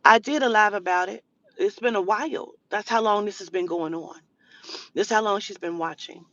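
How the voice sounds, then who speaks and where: Woman, spiritual reader, mid-pitched, profane heated storytime rant, dry muffled recording. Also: normal speed, a bit bright, dry recording. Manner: profane, indignant, mimicking the other person.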